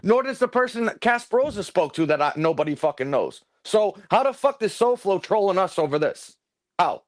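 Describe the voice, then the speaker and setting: A man hosting a livestream, ranting fast and heatedly with lots of swearing in casual chat from his home computer room. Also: sits high, very animated. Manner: rapid, profane ranting. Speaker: livestream host.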